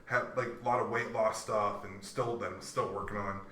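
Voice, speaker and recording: A man co-hosting a casual talk show, telling animated stories, acting out quotes and laughing often. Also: fairly low pitch, moderate pace. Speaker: podcast co-host. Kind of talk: casual chat. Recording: echoey room, off-mic.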